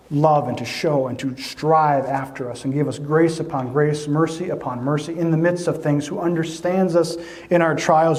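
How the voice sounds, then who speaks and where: A man's voice: fairly high pitch, a little mellow. Earnest man preaching a sermon. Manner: earnest, repeats words when searching for them. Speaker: pastor.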